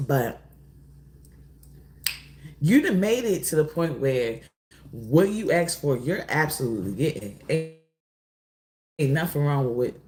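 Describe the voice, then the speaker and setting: A woman doing a casual oracle card reading, drawling and rambling, often pausing to apologize. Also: low-pitched, background noise. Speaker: tarot reader.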